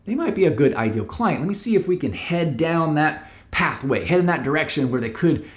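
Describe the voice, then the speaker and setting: A man's voice: on the high side, lively intonation, fairly quick, echoey room. A man who works as a business coach, giving direct, emphatic step-by-step advice to camera. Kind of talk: instructional talk to camera.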